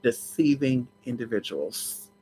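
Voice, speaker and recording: A spiritual vlogger chatting casually to viewers in a sassy, dramatic way, swooping up and down in pitch and breaking into laughs and shouts. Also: lively intonation, a little slow, slight background noise. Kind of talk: casual livestream chat.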